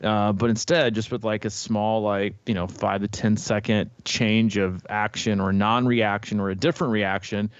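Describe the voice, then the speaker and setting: A man's voice: lowish voice, flat delivery, normal speed, hardly any pauses, clean tone, no echo, lo-fi sound. A man co-hosting a podcast, rambling candidly through everyday stories and swearing now and then. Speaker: podcast co-host. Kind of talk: casual podcast chat.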